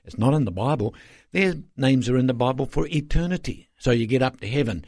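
A man's voice: medium pitch, lively intonation, a little fast, a little mellow, no room sound, clean studio sound. An older man, a pastor telling stories earnestly as an interview guest, rambling with fillers.

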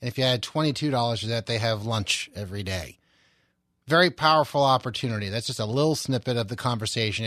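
A male radio talk show host with a medium-pitched, slightly bright voice speaks with no echo. Casual and upbeat, he plugs giveaways and a website between segments, his promo delivery sprinkled with fillers.

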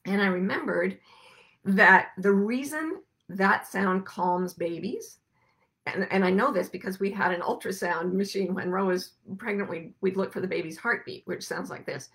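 A woman hosting a reflective spiritual talk to a group, soft-spoken and unhurried, sometimes sinking to hushed whispers. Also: medium pitch. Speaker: podcast host and teacher.

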